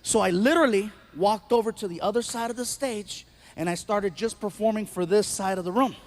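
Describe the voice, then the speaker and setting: A man's voice: sits high, a little fast, a little hiss or hum. Man telling a stand-up story on stage. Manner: animated storytelling, many put-on voices. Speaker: stand-up comedian. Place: live stage before a large laughing crowd.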